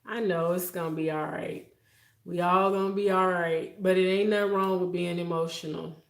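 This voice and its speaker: A woman's voice: lowish voice, fairly even intonation, moderate pace, roomy sound. A woman hosting a casual livestream, chatty and heartfelt, talking straight to her viewers. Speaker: livestream host. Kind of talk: casual live-stream chat with viewers.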